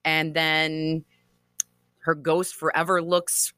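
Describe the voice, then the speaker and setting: Low-voiced woman telling ghost stories. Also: slow, no echo, clean studio sound. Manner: animated, chatty, laughs often. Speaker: author and guest. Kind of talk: conversational storytelling interview.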